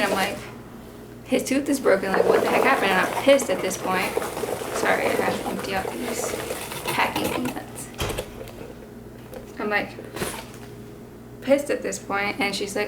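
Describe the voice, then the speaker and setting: A young woman telling a story on a casual vlog, chatty and animated, full of fillers. Her voice has a gravelly fry at the ends of phrases, at a middle pitch. The home recording has a clear noise floor behind her. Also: unhurried, pauses often. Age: 20s. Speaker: vlogger and mother.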